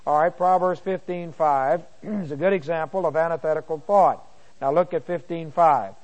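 Man teaching a slow, deliberate Bible lesson. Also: a little high, darkish tone. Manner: slow, deliberate reading of verses, frequent throat-clearing.

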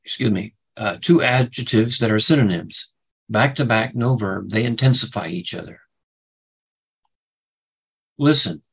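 A man teaching a Bible study lecture, halting with many fillers and restarts, and leaning hard on single words for emphasis. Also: on the low side, fairly bright tone, breathy edge, poor audio. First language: English.

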